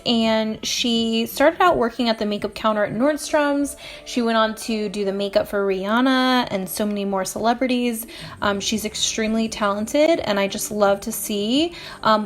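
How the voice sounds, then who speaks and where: A woman's voice: fairly high pitch, poor audio. A young woman chatting casually through a makeup unboxing, bubbly and gushing about each product. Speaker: beauty vlogger.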